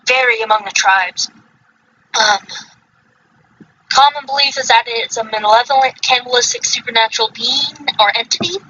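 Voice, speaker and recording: A woman hosting a casual livestream podcast, with a bright voice that sits a little high. She reads from her notes and trips over unfamiliar names. The audio is slightly muffled, with a faint hiss underneath. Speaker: podcast host.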